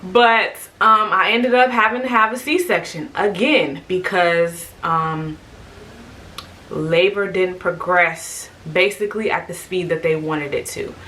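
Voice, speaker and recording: A woman with a bright, forceful voice set a little low, telling a personal story in a casual storytime vlog. She tells it in an animated way and acts out what people said. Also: takes it slowly, slight background noise. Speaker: vlogger sharing her birth story.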